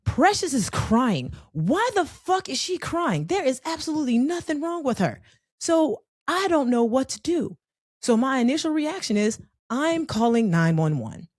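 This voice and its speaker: A woman telling a personal story in a conversational, animated way, with frequent profanity. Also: a little high, dry recording, clean studio sound.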